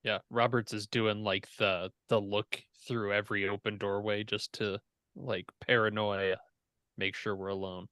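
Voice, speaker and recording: A man's voice: on the low side, level tone, unhurried, bright, forceful tone, no echo. A man playing in a tabletop game, chatting eagerly about what to do next. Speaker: player. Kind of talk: casual tabletop play.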